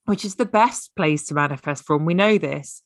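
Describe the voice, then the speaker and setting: A woman coach, a guest on a podcast, talking in a relaxed and reflective way in a casual chat. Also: low-pitched, moderate pace, no room sound, clean studio sound. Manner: relaxed, reflective, laughs easily.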